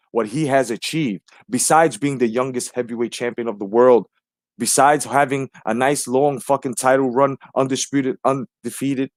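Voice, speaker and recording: A man's voice: mid-range voice, darkish tone, no echo, clean studio sound. A man hosting a live stream, ranting brashly and profanely while greeting viewers in the chat.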